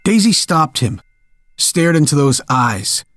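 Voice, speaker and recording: Slow dark male horror narrator. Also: a little high, very animated, no echo.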